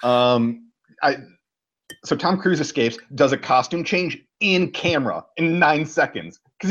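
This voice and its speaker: A man co-hosting a podcast, telling a movie plot in a casual, animated way and swearing freely. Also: a little high, unhurried, lo-fi sound. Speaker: podcast co-host. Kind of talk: casual movie recap chat.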